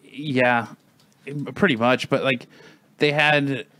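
A man's voice: mid-range voice, fairly even intonation, slow, bright, forceful tone, slight background noise. A man chatting casually, rambling with many restarts, fillers and some swearing. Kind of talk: casual chat.

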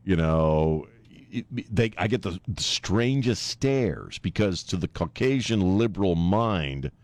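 A man's voice: low voice, lively intonation, slow, darkish tone, no echo. A middle-aged man hosting a talk radio show, rambling and joking in casual banter. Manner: rambling, joking, laughs often.

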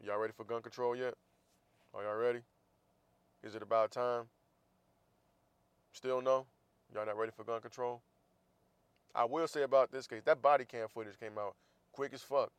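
A man rants in a blunt, profane opinion monologue. His voice sits at an ordinary middle pitch. The sound is close and dry, with no room around it. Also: steady tone, moderate pace, long pauses, smooth, dry recording. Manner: blunt, profane, heated ranting with sarcastic asides. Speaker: podcast host.

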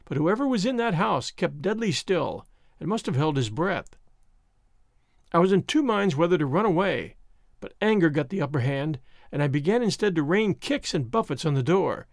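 A man narrating an audiobook at a measured pace in scripted storytelling. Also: fairly high pitch, vocal fry, dry recording, studio quality. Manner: measured storytelling, voicing the characters.

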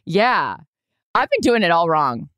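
A woman's voice: fairly low pitch, very animated, a little slow, a bit bright, clear, resonant tone, dry recording. Joking rambling woman podcast co-host. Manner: joking, rambling, swears freely. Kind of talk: casual chat.

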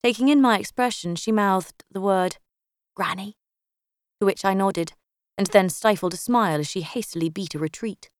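Brief: woman, first-person audiobook narrator, wry and dry-humoured, mid-pitched, dead-dry close recording. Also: brisk, no echo. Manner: wry, dryly sardonic storytelling.

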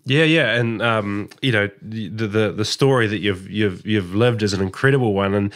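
A man's voice: lowish voice, moderate pace, fairly bright tone. A man hosting a podcast, talking casually with lots of restarts and fillers. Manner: rambling, many fillers and restarts. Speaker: podcast host.

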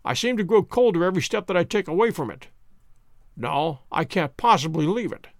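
A man voicing a cool, shrewd male detective who speaks in a calm, measured, wry way in a storybook reading. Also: sits high, no echo, studio quality.

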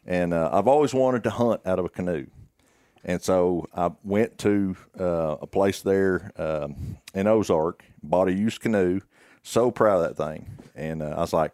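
Arkansas man, podcast guest, very low voice, earnest unhurried teller, dry room. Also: darkish tone, dry recording. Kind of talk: casual storytelling.

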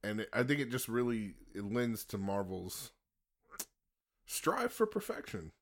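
A man's voice: on the low side, big pitch swings, measured pace. A man co-hosting a casual movie podcast, joking, swearing and laughing easily. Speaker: podcast co-host. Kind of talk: casual movie review chat.

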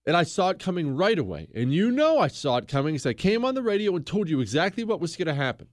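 Combative talk radio host, high and dry. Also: male voice, very animated, fast, dry recording. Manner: combative, sarcastic, shouts for emphasis. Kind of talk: political talk radio monologue.

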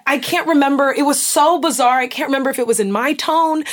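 A woman's voice: high voice, fast, a little hiss or hum. A young woman hosting a casual talk show, telling a personal story candidly and acting out the voices of people in it. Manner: candid, animated, acts out quoted voices.

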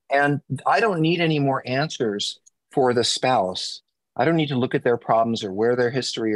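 A man's voice: mid-range voice, dry recording. A man co-hosting an advice podcast as a therapist, talking earnestly and speeding up when he stresses a point. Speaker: podcast co-host, addiction therapist.

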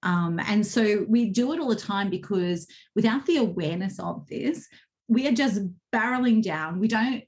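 A woman's voice: mid-range voice, lively intonation, normal speed, darkish tone. A woman coach telling stories animatedly in a casual interview, acting out quotes with bursts of laughter. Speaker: guest, communication coach.

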